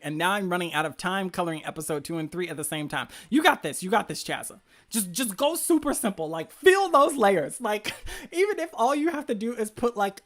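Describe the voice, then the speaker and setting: A man's voice: high voice, fairly bright tone. Upbeat man hyping up his live chat. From rural area. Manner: upbeat and hyping, fast with many fillers. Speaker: livestream host reading chat comments. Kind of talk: casual live-stream chat.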